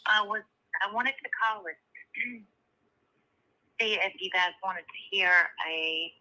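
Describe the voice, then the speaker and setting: A woman calling in to a live show, slowly telling a long joke in a drawling storyteller way. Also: medium pitch, pushed and bright. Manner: slow drawling storyteller, laughs at her own joke. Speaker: caller. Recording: tinny phone line.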